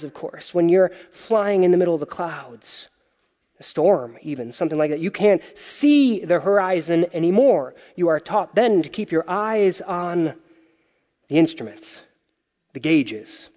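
High-voiced man preaching in a reverberant hall. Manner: animated, playful asides, swings from loud to hushed. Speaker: pastor. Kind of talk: sermon. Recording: long reverb of a large hall.

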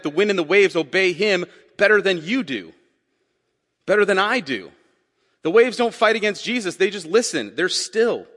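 A man's voice: a little high, fairly bright tone, in a large hall. A man preaching a sermon in a conversational way, asking the congregation questions and repeating key phrases. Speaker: pastor.

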